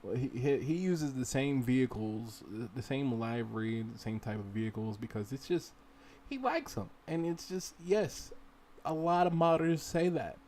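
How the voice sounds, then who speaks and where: In a medium-pitched, slightly mellow voice at normal speed, this male livestream host walks through game modding on a shared screen. He rambles as he works and directly urges viewers to give it a go, with slight background noise.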